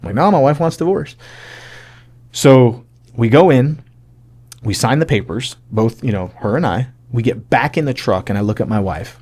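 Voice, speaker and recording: A man in his forties, an army sergeant major, telling a personal testimony in a casual, animated way, acting out the dialogue and talking with lots of fillers. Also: medium pitch, moderate pace. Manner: animated, acts out quoted dialogue; casual, many fillers like "like" and "you know".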